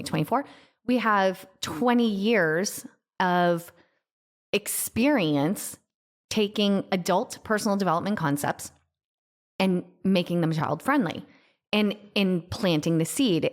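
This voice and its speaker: Lower-voiced woman in casual podcast chat. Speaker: podcast co-host.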